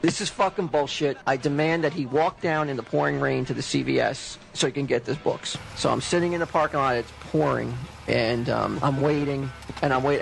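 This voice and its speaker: Stream host, male, gravelly, casual storyteller who swears and plays out both sides. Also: mid-range voice, low-quality recording.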